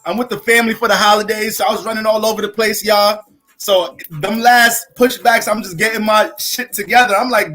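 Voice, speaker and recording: A man hosting an astrology livestream from his family home, hyped and profane, shouting out viewers in casual chat. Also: high-pitched, a little fast, faint music behind, low-quality recording.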